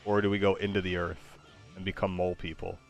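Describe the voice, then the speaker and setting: A man's voice: low-pitched, flat delivery, quick pace, soft background music. A man hosting a stream in casual chat, goofy and playful, often hesitating with uhs. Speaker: streamer host.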